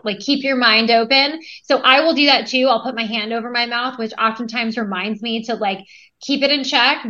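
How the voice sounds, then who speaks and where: A woman in her thirties, a podcast guest, talking energetically and acting out quoted lines as she tells stories. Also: on the high side. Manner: energetic, storytelling with quoted dialogue. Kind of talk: conversational interview. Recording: dull lo-fi audio.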